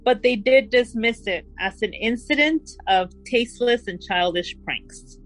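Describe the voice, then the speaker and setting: A woman hosting a casual true crime podcast, telling the story and reading quotes out slowly and deliberately. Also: on the high side, faint music behind, low-quality recording.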